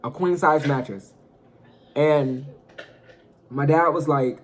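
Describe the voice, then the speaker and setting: A young man telling a personal story in a casual vlog, animated and profane, talking straight to his viewers. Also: a little high, slow, slight background noise. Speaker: storyteller vlogger.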